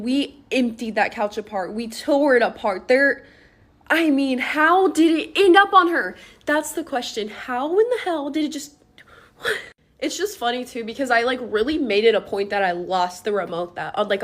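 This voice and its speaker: A young woman tells a story in a casual, chatty way, packing her talk with fillers and swearing freely. Her voice sits a little high and rings sharp and bright. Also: moderate pace.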